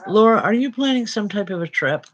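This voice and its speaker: A woman's voice: medium pitch, animated, a little fast, lo-fi sound. A woman working as a spiritual medium, giving readings. She calls people by name and passes on spirit messages in a reassuring way. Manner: addresses people directly by name.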